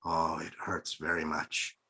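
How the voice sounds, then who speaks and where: Man putting on a deep Mexican-accented old oracle. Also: completely flat delivery, takes it slowly, sharp tone, slightly rough, exaggerated voice. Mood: grave. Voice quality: rich, deep. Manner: grave, matter-of-fact. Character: old Mexican male oracle-priest, grave and knowing.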